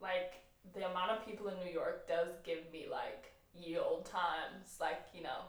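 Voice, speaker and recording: A woman co-hosting a podcast from Michigan, blunt and teasing in casual chat and quick to laugh. Her voice carries the echo of a roomy space. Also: on the low side, distant mic. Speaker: podcast co-host.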